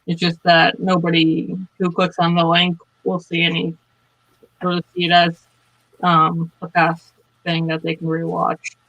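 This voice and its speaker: A man's voice: fairly high pitch, monotone, a little slow, gravelly, bright, forceful tone, no room sound, low-quality recording. A man on a video call, casually explaining audio settings during a tech check. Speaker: tech support on a livestream team. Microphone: webcam mic on a video call.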